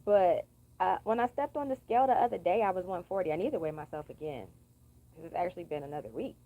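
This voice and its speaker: A woman's voice: on the low side, animated, fast talker, narrow, tinny audio. A young woman venting in a blunt, profane, sassy monologue for her vlog. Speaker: vlogger.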